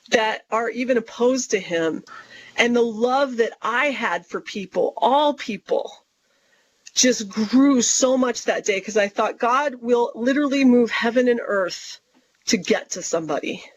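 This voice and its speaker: A woman guest on an interview show, telling a story with animation and acting out what she and others said. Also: on the high side. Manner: animated, quotes herself and others in lively voices. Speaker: guest author. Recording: dull lo-fi recording.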